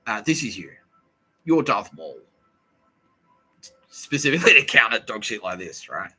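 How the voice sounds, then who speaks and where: A man hosting a podcast, riffing in a profane, excitable, repetitive comedic monologue. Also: on the low side, moderate pace, husky, soft background music, low-quality recording. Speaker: podcast host.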